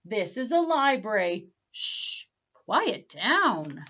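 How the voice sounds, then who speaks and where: Give me a firm, schoolmarmish librarian, played by a woman, bright and slow. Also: sits high, sing-song, dull audio, voice pushed up, full character voice. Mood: prim. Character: prim, bold woman librarian.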